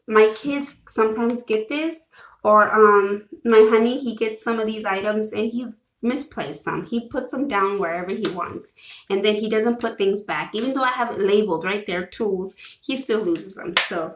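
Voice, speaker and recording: A mother rambles through a shopping haul in casual, unscripted chat, often stopping to correct herself. Her voice sits a bit high, and it echoes around the room she records in. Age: adult with children. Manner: rambling, chatty, self-correcting, greets viewers by name. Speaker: vlogger showing a shopping haul. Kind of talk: casual chat with live viewers.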